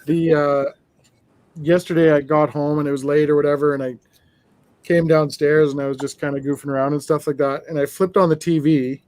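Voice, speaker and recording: A man's voice: fairly high pitch, level tone, a little fast, a little mellow, no echo. A man telling a long funny story in casual chat while building, rambling and laughing.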